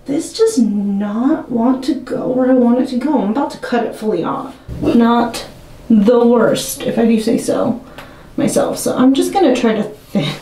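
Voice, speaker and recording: A woman's voice: on the high side, animated, moderate pace, dark tone. Nervous chatty woman vlogger, roomy sound. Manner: nervous, self-mocking, chatty. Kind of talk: casual talking to camera while cutting a wig. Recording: roomy and a bit distant from the mic.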